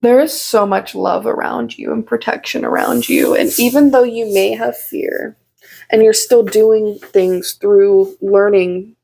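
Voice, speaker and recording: Slow, gravelly woman channeling. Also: mid-range voice, fairly even intonation, mellow. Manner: casual, heartfelt, filler-heavy talk. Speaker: tarot reader and spiritual channeler. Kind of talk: intuitive channeled message to viewers. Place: her own room at home.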